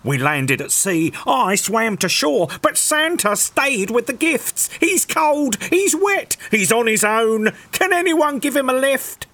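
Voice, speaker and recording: A man voicing an excitable young male reindeer in a storybook reading, with a high squeaky voice. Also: slow pace, few pauses, exaggerated voice. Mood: panicked.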